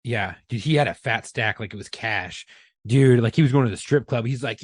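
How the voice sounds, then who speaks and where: A man's voice: medium pitch, a little fast, slightly rough, dry recording, studio quality. A man co-hosting a casual podcast, rowdy and profane. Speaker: podcast co-host.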